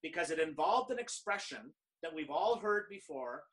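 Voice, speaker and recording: Bright-voiced man telling a story. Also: a little high, moderate pace, recorded from a distance, low-quality recording. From Canada. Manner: animated, quotes others in lively dialogue. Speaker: guest speaker. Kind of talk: conversational storytelling.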